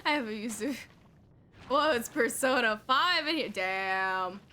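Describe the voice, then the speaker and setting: A woman in her twenties streaming a video game, chatting in an excitable, rambling way and swearing a lot. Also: fairly high pitch, measured pace, slight background noise. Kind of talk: casual let's-play commentary.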